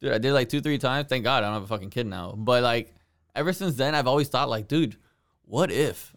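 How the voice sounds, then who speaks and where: Laid-back young man, smooth clear voice. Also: medium pitch, brisk, fairly bright tone. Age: 20s. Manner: laughs often, slangy, says bro and dude. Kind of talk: casual crude banter.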